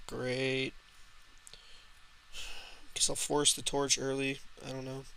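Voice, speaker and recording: A man's voice: medium pitch, monotone, takes it slowly, gravelly, bright, forceful tone, a little hiss or hum. A young man casually commenting on his own gameplay for a live stream, often frustrated and swearing at the game. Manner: frustrated, swearing, talks to himself and chat.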